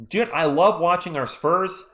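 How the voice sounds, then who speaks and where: A man, hoarse and losing his voice, doing fan play-by-play on a live stream and ranting about referee calls. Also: high-pitched, unhurried, a bit bright.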